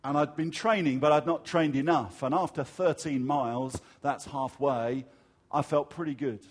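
An English man preaching a sermon, telling a personal story with lively acted-out voices. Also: fairly high pitch, moderate pace, husky. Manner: animated storyteller, acts out crowd voices.

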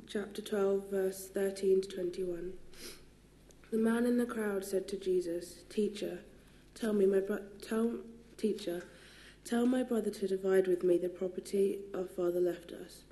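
Dark-toned Bible reader in an echoey church. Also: medium pitch, fairly even intonation, measured pace. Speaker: scripture reader.

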